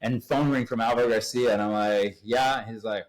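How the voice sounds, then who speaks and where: A man from Uruguay, a podcast guest, telling his business story in a casual, animated way and acting out the people he quotes. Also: mid-range voice, normal speed, low-quality recording.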